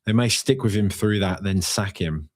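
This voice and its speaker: A man hosting a fan podcast, reading out viewer comments in a jokey, rambling way with sudden high-pitched outbursts. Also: normal speed. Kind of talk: casual live-stream chat.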